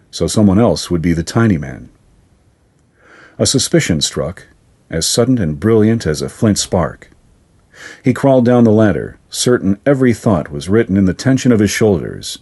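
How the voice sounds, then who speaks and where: A man narrating a fantasy story in a steady, even storytelling manner. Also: low voice, husky.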